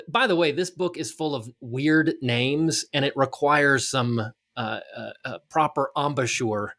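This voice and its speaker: A middle-aged man co-hosting a podcast, talking in an animated, jokey way and reading a book aloud. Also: medium pitch, unhurried, hardly any pauses, dry recording, clean studio sound. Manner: animated, jokey, full of restarts. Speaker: podcast co-host and reader. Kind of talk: casual chat and reading aloud.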